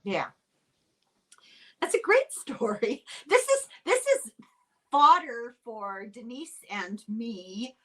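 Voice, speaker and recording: An older woman from Ireland, hosting a casual podcast chat, animated and quick to laugh. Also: on the high side. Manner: chatty and animated, laughs often. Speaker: podcast host.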